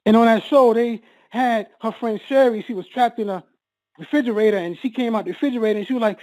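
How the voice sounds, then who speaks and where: A man telling an emotional personal story, halting and repeating words, his voice rising as he relives a moment of panic. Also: extremely high pitch, a little mellow, no echo, poor audio.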